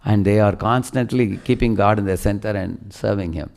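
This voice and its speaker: With a lowish, creaky voice and moderate pace, a preacher gives a devotional sermon. He tells stories with animation and keeps asking his audience questions.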